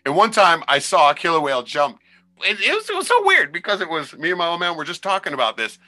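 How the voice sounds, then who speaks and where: A man, a former crab fisherman, telling wild sea stories in a loose, profane, animated way on a podcast. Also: on the high side, fast talker. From Alaska. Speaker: podcast guest. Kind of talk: casual storytelling.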